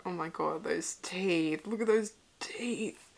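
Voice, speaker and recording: Gravelly low woman, slow commentary. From Australia. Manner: excitable, swears and laughs at the screen. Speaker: movie commentary host. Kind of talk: casual movie reaction commentary. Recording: noisy home recording.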